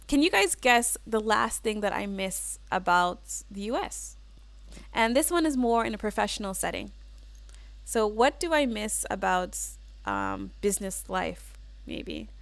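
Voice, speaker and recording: A woman's voice: mid-range voice, expressive, a little slow, creaky, a bit bright, dry recording. A woman hosting a casual livestream, chatting and giggling as she reads out viewer comments with plenty of "like" and "um.". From United States. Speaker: livestream host.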